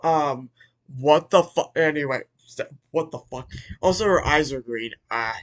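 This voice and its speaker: Excitable man rambling through a recap. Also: medium pitch. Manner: rambling, profane, with many restarts; excitable, with sudden loud outbursts. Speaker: movie reviewer. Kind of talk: casual rambling movie recap.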